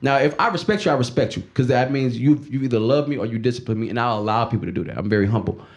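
A man's voice: mid-range voice, rapid-fire. Laughing, foul-mouthed young male comedian. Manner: animated and profane, often breaking into laughter. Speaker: guest, stand-up comedian. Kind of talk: casual, profane podcast conversation.

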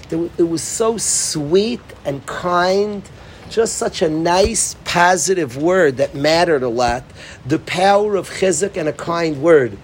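A man teaches a class to students, earnest and full of repeated phrases. His voice sits slightly high, and faint hiss lies under the recording. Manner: earnest, repetitive, mixes Hebrew and Yiddish terms. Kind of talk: Torah class talk.

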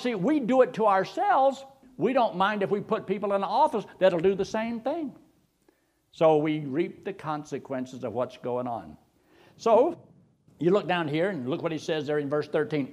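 Middle-aged male preacher, high and lively voice, sermon delivery. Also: normal speed. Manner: animated, swooping preacher cadence with sudden loud rises.

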